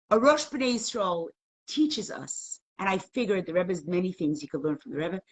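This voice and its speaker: A middle-aged woman leads a live online class over her computer mic. Her husky voice swings up and down in pitch as she tells a story. She turns emotional and keeps pressing the viewers with questions. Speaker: Torah class teacher.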